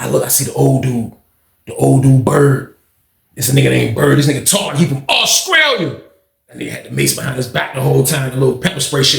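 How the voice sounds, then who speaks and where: A man in his thirties telling a prison story in a loose, profane, animated way, acting out the other people's shouts as he goes. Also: mid-range voice, fairly quick, gravelly, roomy sound. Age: 30s. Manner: animated, swearing, acts out shouts and screams of others. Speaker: storyteller host.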